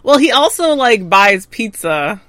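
A woman's voice: fairly high pitch, sing-song, a little slow, a bit bright, no echo. A woman co-hosting a casual podcast, offering dry, thoughtful theories. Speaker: podcast co-host. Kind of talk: casual chat.

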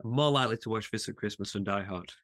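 A man's voice: lowish voice, quick pace, a bit bright. A man chatting casually as a podcast co-host. He talks with eager enthusiasm, often restarting his sentences. He laughs easily as he goes. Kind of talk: casual chat.

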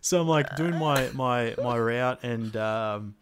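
A man's voice: medium pitch, slow pace, heavy background noise. A young man telling a rambling, sweary gaming story in casual chat, slipping into jokey voices.

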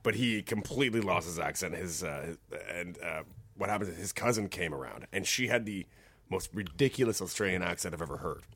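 A man co-hosting a podcast in casual chat, a profane, animated storyteller. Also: low-pitched, brisk, breathy edge, no echo. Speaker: podcast co-host.

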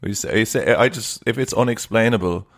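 Skeptical man, low voice. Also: fairly quick. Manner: skeptical, teasing, laughs often. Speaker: podcast co-host. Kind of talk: casual chat.

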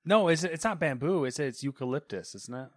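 A man's voice: a little high, lively intonation, brisk, no room sound. A man hosting a gaming podcast, talking casually in a dry, self-deprecating way that often trails off. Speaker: podcast host.

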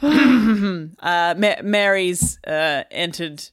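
A woman's voice: on the low side, animated, drawn-out words, no room sound, studio quality. A woman narrating her moves in a tabletop role-play, hesitant and thinking aloud. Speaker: player.

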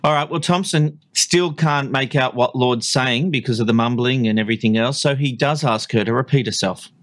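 A man's voice: mid-range voice, normal speed. A man co-hosting a podcast, narrating and joking in a playful, chatty way. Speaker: podcast co-host. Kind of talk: casual analytical chat.

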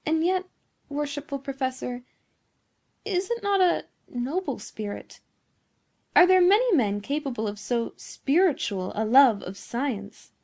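A woman's voice: high-pitched, lively intonation, measured pace, a little mellow, pitched above the performer's own voice. Woman voicing an earnest young male student. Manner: earnest, musing.

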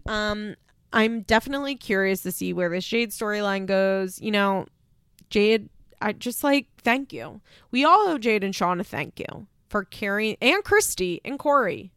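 Gravelly-voiced woman recapping a reality show. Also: medium pitch, animated, measured pace, fairly bright tone, no room sound, studio quality. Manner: chatty, sarcastic, rhetorical questions. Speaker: podcast host.

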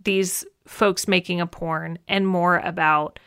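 A woman co-hosts a casual film podcast, talking in a bright, crisp voice. She rambles comfortably with lots of fillers and laughs easily along the way. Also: fairly low pitch, fairly even intonation, slow. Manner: chatty, laughs often, many fillers. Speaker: podcast co-host.

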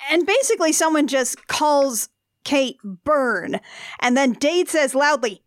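A woman's voice: high-pitched, animated, a little slow, no echo, clean studio sound. Wry, sweary woman podcast host. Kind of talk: casual chat.

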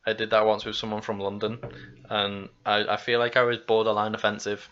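A man's voice: fairly low pitch, completely flat delivery, a little fast, fairly bright tone. A young man co-hosting a casual podcast, rambling and jokey. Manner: rambling, jokey, laughs a lot. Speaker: podcast co-host. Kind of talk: casual chat. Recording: slightly dull lo-fi sound.

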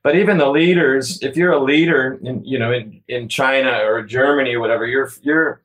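A man's voice: mid-range voice, a little fast, a bit bright, low-quality recording. A man, a kayaker, talking casually as an interview guest, rambling with many restarts and frequent laughs. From United States.

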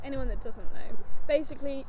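A young woman from England co-hosting a podcast, chatting casually, quick to joke and giggle. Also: sits high, dark tone, slight background noise. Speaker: podcast co-host. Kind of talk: casual chat.

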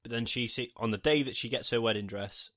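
A man's voice: mid-range voice, fairly quick, a bit bright. A man, wry and sarcastic, recapping a film in casual podcast chat and swearing casually.

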